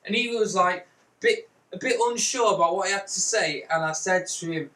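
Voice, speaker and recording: A man's voice: high voice, moderate pace, sharp tone. A man telling a comic story in a rambling way, slipping into mock-old-fashioned peasant talk. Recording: roomy, distant mic.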